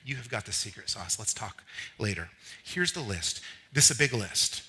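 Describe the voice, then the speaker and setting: A male pastor preaches in church in an energetic, chatty way. His voice is very bright and somewhat husky, and it swings up and down as he talks. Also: mid-range voice, moderate pace. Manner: energetic, conversational, animated preaching. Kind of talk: sermon.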